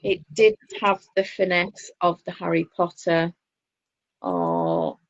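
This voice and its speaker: A woman's voice: fairly low pitch, sing-song, takes it slowly, no echo. A woman with a Northern English accent co-hosting a casual chat, opinionated and chatty with laughing asides. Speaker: podcast co-host. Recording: dull lo-fi dry sound.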